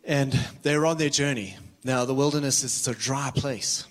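Brief: male visiting preacher, mid-pitched, urgent and earnest, casual asides. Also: normal speed. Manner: earnest and urgent, with self-deprecating asides and frequent restarts. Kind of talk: sermon.

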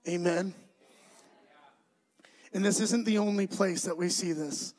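A young adult man preaching a sermon, telling the story with animated, acted-out voices. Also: high voice, a little slow, pauses often, poor audio.

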